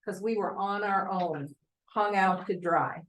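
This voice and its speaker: Older woman, seasoned realtor, informal talk to a room of colleagues; chatty storyteller who tosses questions to the crowd, mid-pitched voice. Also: a little slow, a little hiss or hum, rough recording. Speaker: real estate agent addressing colleagues.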